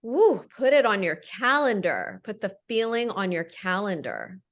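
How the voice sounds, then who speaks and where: A woman's voice: medium pitch, sing-song, unhurried. A woman hosting a podcast, affirming her guest and reflecting back on what she said. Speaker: podcast host. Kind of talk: conversational interview.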